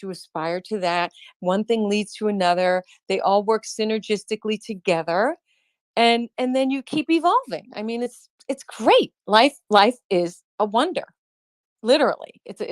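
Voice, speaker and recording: A woman speaks as a guest in an online chat, thinking aloud and restarting her phrases. Her voice sits at an ordinary middle pitch. The sound is dry and close, with no room around it. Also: lively intonation, no echo. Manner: warm, reflective, halting with restarts. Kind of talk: casual chat.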